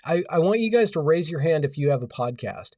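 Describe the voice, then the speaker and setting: A man hosts a casual livestream, rambling wryly and reading out comments from the chat. His voice is fairly high, mellow and a little fast, with lively intonation. Recorded on a home audio setup, the mic is distant and there's no room sound.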